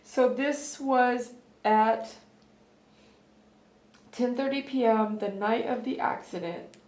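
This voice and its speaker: A woman's voice: a little high, takes it slowly, a little mellow, reverberant. A woman hosting a live stream, opening gifts in an emotional, tearful way and laughing often. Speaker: host of a pet grooming channel.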